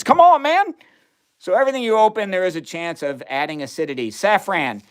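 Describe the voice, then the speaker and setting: A man hosting a casual chemistry livestream, chatting to viewers as he runs experiments, laughing often. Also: on the high side. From United States. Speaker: livestream science host. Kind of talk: casual live demo chat.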